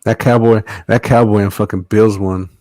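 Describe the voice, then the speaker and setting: A man's voice: lowish voice, fairly even intonation, moderate pace, darkish tone, dry recording. A man co-hosting a casual sports podcast, hesitant, often laughing and swearing freely. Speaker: podcast co-host.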